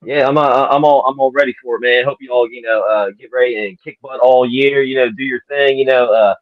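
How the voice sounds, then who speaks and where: A man co-hosting an interview podcast, rambling with lots of fillers and warm thanks to his guests. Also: mid-range voice, steady tone, a little fast, no room sound. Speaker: podcast co-host. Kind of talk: casual interview chat. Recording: dry, dull lo-fi audio.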